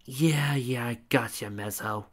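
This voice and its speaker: A man's voice: mid-range voice, a little slow, lightly acted. A man reading the lines of a tough young female agent who talks bluntly and swears, in his own voice. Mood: gruff. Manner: blunt, swearing, clipped replies.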